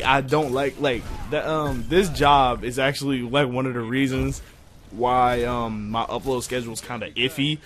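A young man venting to his viewers in a profane, exasperated rant, going quiet when he calms down. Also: moderate pace. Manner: profane, exasperated, jumping pitch when heated. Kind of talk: casual rant to camera.

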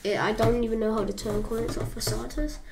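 A woman's voice: fairly high pitch, fairly even intonation, fast. A British woman giving a casual reaction commentary, talking back at the screen in a defensive, mocking way. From Britain. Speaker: YouTuber reacting to a video. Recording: roomy, distant mic, faint background noise.

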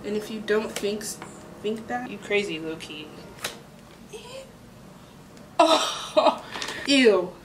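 A woman vlogs straight to her viewers in a chatty, exclamatory way, her mid-range voice moving at a moderate pace. She's far from the mic, and the poor audio has slight background noise plus spooky music playing under her voice.

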